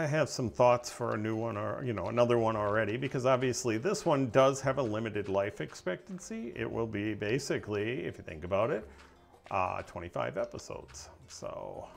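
A man streaming a game, chatting casually with his viewers as he plays and breaking into excitable outbursts. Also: medium pitch, gravelly. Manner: chatty, talks to viewers while playing. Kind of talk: casual gameplay commentary.

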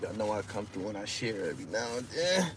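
A man's voice: on the low side, big pitch swings, brisk, noisy background. A man hosting a casual live stream, talking loosely and with profanity as he reads out viewer comments and gives his take. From Brooklyn, New York.

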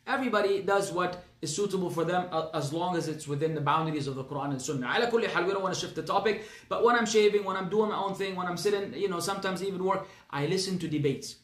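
Man, Arabic accent, high voice, earnest emphatic class lecture, roomy echo. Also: fast, few pauses. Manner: earnest, emphatic, repeats phrases, mixes in Arabic. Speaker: Islamic teacher.

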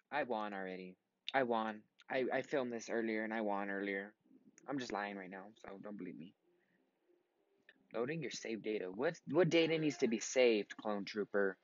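With a lowish voice, this worn-out twenty-something gaming vlogger keeps up loose, meandering commentary over a computer game, cursing a lot and erupting without warning. The audio has no echo and the high frequencies are cut off.

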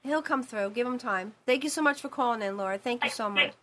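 A woman's voice: on the high side, fast talker, fairly bright tone. A woman hosting a live call-in show as a psychic medium, talking in a rambling, emphatic way with many repeated phrases.

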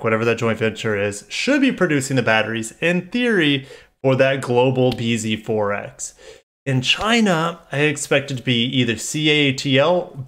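On a live stream, a talkative car channel host reads out a press release in a mid-range, fairly bright voice. He keeps breaking off to riff and correct himself with loose, offhand asides.

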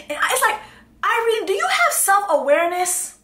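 A woman recapping a reality dating show with brash, profane, animated commentary and mocking impressions. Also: very high-pitched, a little fast, reverberant.

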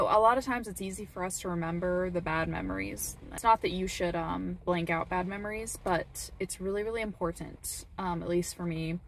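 A woman vlogging in an earnest, heartfelt way, encouraging her viewers and repeating words for emphasis. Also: mid-range voice. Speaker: vlogger, parent. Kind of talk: earnest personal talk to camera. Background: faint rain.

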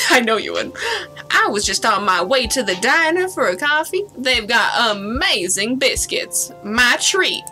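A prickly older southern lady with a put-on Southern US drawl, dry and theatrical, as a woman streamer voices her. Her voice sits fairly high and swings widely in pitch, with a bright edge. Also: big pitch swings, a little slow, soft background music, heavily acted. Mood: hospitable.

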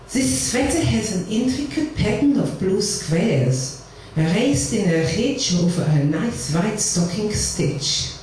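A woman reading poems in the voice of her elderly grandmother, dry and measured. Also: mid-range voice, darkish tone, a little hiss or hum. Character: elderly woman, wry German-Jewish grandmother. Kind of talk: poetry reading. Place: live performance venue. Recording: echoey room heard from a distance.

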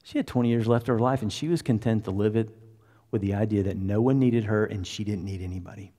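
Low-voiced pastor preaching in a reverberant hall. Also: male voice, quick pace, dark tone. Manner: conversational, anecdotal, acts out quotes. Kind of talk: sermon storytelling. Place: large church sanctuary.

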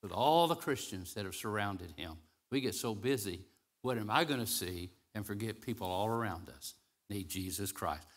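A man's voice: on the low side, lively intonation. Man preaching with big dynamic swings. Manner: swings from loud, rising declamation to soft, hushed storytelling; slows and stretches key phrases for emphasis. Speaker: interim pastor. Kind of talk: sermon. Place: church sanctuary.

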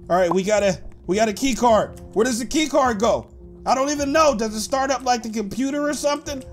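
Guy yelling along to his game play, high voice, keeps saying like, little game music going. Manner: animated, says "like" and "guys" a lot, bursts into shouts. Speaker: gaming YouTuber. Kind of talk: excited gameplay commentary.

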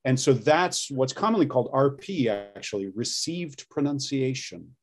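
This is a man talking in a casual interview about coaching actors on voice and accents. His voice sits at an ordinary pitch, and he works through each point step by step with plenty of ums and self-corrections. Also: animated, moderate pace. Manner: explains step by step with frequent ums and restarts.

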